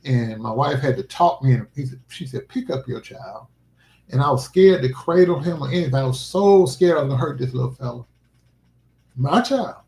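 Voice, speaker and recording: A middle-aged man hosting a livestream, telling a personal story in a halting, emotional way. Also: mid-range voice, expressive, dark tone. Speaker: livestream host. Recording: roomy echo.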